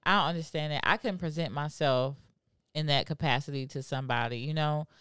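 A woman's voice: sits low, fairly quick, fairly bright tone, clean tone, dry recording, clean studio sound. A woman co-hosting a podcast, chatting frankly and chiming in with agreement. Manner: agreeable, frank, chimes in with affirmations. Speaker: podcast co-host. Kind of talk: casual chat.

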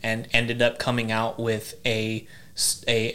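A man in a casual conversation, explaining religious ideas in a measured way and often pausing to search for words. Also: mid-range voice, monotone, sharp tone, clean tone. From southern Ohio. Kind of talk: casual conversation about faith.

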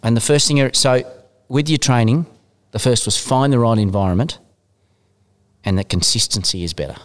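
A man's voice: medium pitch, a little fast. A man hosting a casual podcast interview, talking in a chatty, enthusiastic way with the odd casual swear. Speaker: podcast host. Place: gym.

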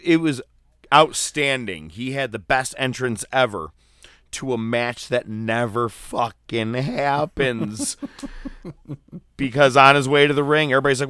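A man's voice: medium pitch, measured pace, pushed and bright, smooth, no echo, studio quality. Podcast guy hyping up a story, goofy dramatic asides, mid voice, no room sound. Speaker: podcast co-host. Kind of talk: casual wrestling recap chat.

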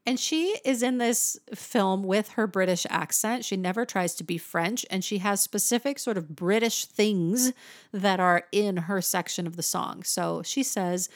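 A woman teaching a lesson on song lyrics, talking in an animated way and singing short snippets to show her points. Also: mid-range voice, a little slow, no room sound, clean studio sound. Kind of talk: explanatory lesson.

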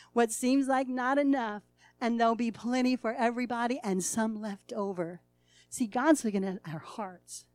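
A woman preaching with a fairly high voice, telling the story in a folksy, colloquial way and acting out its characters. She drops to near whispers and climbs to loud, emphatic peaks. The sound is dry and close. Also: no echo. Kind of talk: sermon.

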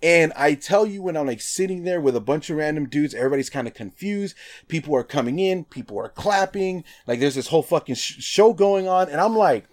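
A man from Nevada telling a story in casual chat, animated and swearing, acting out quotes with lots of "like". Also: on the high side, brisk.

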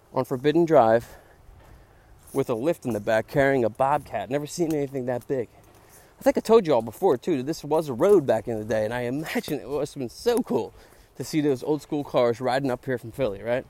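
Out on a park trail, a middle-aged Philly man with a mid-range, slightly mellow voice talks briskly and expressively. He's a chatty podcast host doing a loose, rambling walk-and-talk monologue peppered with "dude."

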